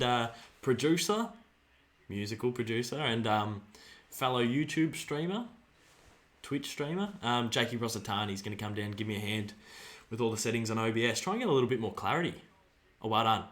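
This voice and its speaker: A young Australian man hosting a livestream, giving excitable watch-along commentary on a football match and chatting with viewers. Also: medium pitch. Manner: excitable, shouts at play, banters with chat. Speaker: livestream host.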